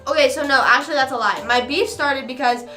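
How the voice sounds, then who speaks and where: A young woman streamer chatting casually, rambling through a story with quick asides. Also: high voice, pushed and bright. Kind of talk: casual chat. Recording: echoey room with faint music.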